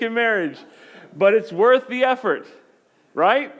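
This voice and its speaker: A man's voice: sits high, expressive, slow, pauses often. A male pastor in his thirties giving a conversational sermon, telling humorous stories.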